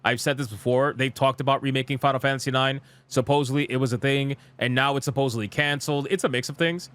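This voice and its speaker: A man's voice: medium pitch, fairly even intonation, quick pace, a bit bright, smooth. A young man streaming live, reacting to gaming news and reading comments aloud in a blunt, exasperated, profane rant.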